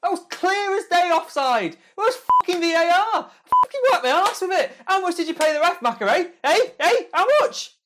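An actor playing a drunk, brash football manager who swears and shouts in a comedy sketch. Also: male voice, extremely high pitch, lively intonation, a little fast, few pauses, very noisy. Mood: belligerent.

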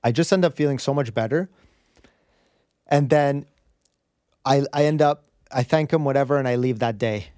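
A man's voice: medium pitch, moderate pace, long pauses, mellow, no echo, studio quality. A man as a podcast guest, telling a personal story in an earnest, rambling way with many restarts. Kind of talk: candid storytelling in conversation.

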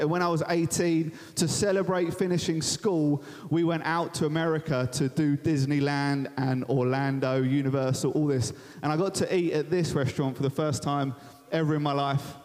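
A man's voice: on the high side, darkish tone. Young man preaching in a reverberant hall. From Thanet, Kent, England. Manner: chatty, self-deprecating storyteller. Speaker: guest preacher. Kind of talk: sermon with personal storytelling. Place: large church venue. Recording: long reverb of a church hall.

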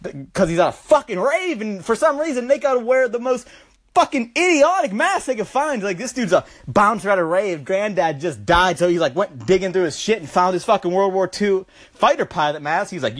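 A stoned young man rambling into his phone for a solo podcast, cursing and throwing in slang constantly. His pitch swings around a lot as he acts out the story. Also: expressive, brisk, a bit bright. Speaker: podcast host. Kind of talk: rambling comic monologue.

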